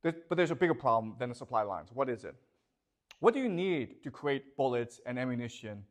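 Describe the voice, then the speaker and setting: A man's voice: mid-range voice, sing-song, fairly quick. A man lecturing a classroom, asking students questions and checking often whether they follow.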